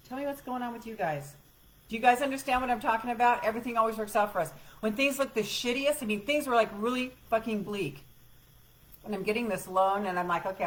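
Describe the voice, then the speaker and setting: A middle-aged woman with a lowish voice hosts a live self-help show, recorded on poor audio. She rambles casually through a personal story with viewers, laughing and swearing now and then.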